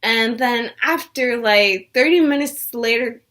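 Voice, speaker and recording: A woman's voice: on the high side, measured pace, fairly bright tone. Chatty young woman telling a story. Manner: chatty, says "like" a lot. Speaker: vlogger. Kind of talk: casual storytime.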